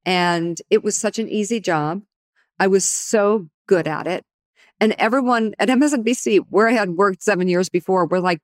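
Middle-aged woman, TV anchor type, lively storyteller who acts out dialogue; close, dry mic. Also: medium pitch, moderate pace, no room sound. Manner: animated, acts out quoted dialogue. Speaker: guest, TV news anchor. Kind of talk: conversational interview storytelling.

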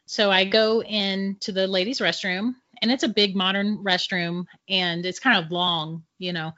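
A middle-aged woman, a podcast guest, telling a personal ghost story in an animated way and laughing often between sentences. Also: medium pitch, a little slow. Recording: dull lo-fi audio.

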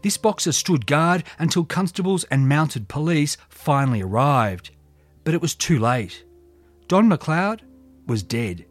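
A man narrating a true crime story from history in a dramatic, scripted storytelling style. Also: fairly high pitch. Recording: faint music underneath.

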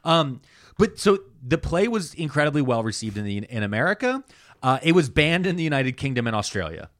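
A man co-hosting a podcast, walking the others through his notes in a casual, animated way with many "uh"s and "like"s. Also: mid-range voice, brisk. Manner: animated storytelling with many fillers. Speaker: podcast co-host presenting the topic.

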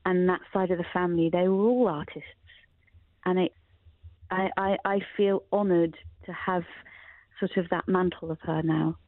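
A woman's voice: lowish voice, fairly even intonation, moderate pace, no echo. A middle-aged woman, an interview guest, speaking earnestly and emotionally, often restarting her sentences. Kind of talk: reflective interview talk. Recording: tinny phone-like sound, dry.

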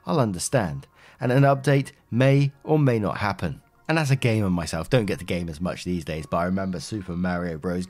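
Hosting a show where he reads online posts and comments on them, a man reads one aloud and then talks it over in a casual, chatty way, with fillers and side remarks. His voice is fairly low in pitch and a little mellow.

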